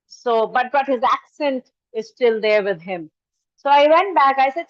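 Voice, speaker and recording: Female workshop trainer, Indian English accent, high voice, anecdotal and conversational delivery, dull dry lo-fi recording. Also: measured pace, no echo. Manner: conversational, anecdotal, switches into Hindi. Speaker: workshop resource person. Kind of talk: lecture to faculty.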